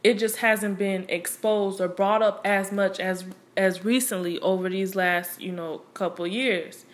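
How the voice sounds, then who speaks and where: A woman's voice: mid-range voice, steady tone, a little slow. Blunt young woman speaking her mind. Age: young adult. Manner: candid, blunt, and streetwise, with frequent profanity; conversational, with many fillers like "you know" and "like". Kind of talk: casual opinion monologue.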